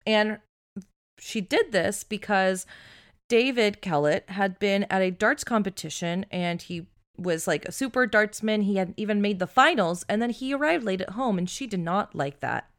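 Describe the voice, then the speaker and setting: A woman's voice: mid-range voice, lively intonation, moderate pace. A woman co-hosting a podcast, telling a true crime story in a chatty, casual way, swearing freely and saying "like" often. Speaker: podcast co-host.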